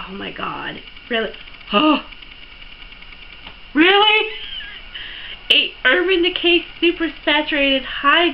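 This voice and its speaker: Young woman vlogger with a high voice, gasping and gushing over an unboxing; dull lo-fi home recording. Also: a little hiss or hum. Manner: gushing, gasping, breathless with excitement. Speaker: beauty vlogger. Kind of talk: excited unboxing vlog.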